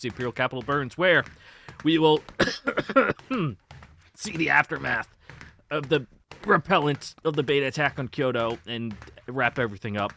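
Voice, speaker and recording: Bright-voiced, profanity-heavy male game host. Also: medium pitch, a little hiss or hum. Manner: casual, profane, lots of "like" fillers. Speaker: let's-play host. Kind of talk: casual game read-through commentary.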